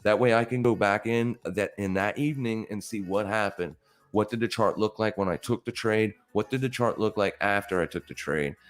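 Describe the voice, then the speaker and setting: A man's voice: fairly low pitch, moderate pace. A man hosting a live trading stream, talking through charts in a blunt, casual coaching way, repeating himself for emphasis.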